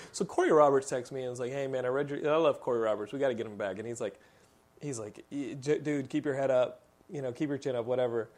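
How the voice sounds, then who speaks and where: A male podcast host chatting casually into a studio mic. His talk is animated storytelling, loose and full of fillers and laughs. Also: mid-range voice, fast talker. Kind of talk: casual chat.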